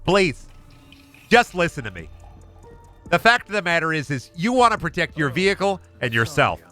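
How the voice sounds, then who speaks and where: A man's voice: a little high, very animated, moderate pace, sharp tone, faint music behind, pitched above the performer's own voice. A man doing a chipper Minnesotan possessed man. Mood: folksy. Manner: relentlessly pleasant, says bud constantly.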